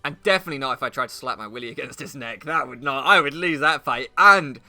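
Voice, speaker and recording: This gaming YouTuber, a man with a mid-range voice, talks at a quick pace in a pushed, bright tone. His commentary while playing is comedic and rambling, full of swearing and laughter at his own jokes.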